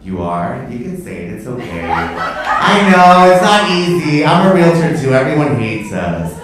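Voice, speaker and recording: A man's voice: mid-range voice, big pitch swings, measured pace, distant mic, background noise. A man doing a stand-up set on a comedy club stage, brash, profane and camp, teasing the crowd. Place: comedy club stage before a live audience. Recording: echoey club, mic from afar, audience laughter.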